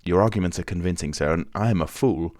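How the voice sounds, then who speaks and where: Reading an audiobook, a man plays the agitated young nobleman Raoul, impetuous and feverish, with an urgent, pleading, impatient delivery. The voice is low and a little mellow, the pace quick, and it stays close to his everyday voice. The recording is dry and studio quality.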